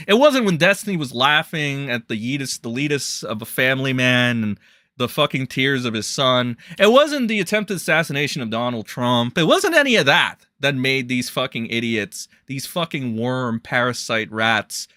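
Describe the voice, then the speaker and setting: A man's voice: medium pitch, sharp tone, dry recording, clean studio sound. A man ranting as a commentary streamer, profane, sarcastic and incredulous.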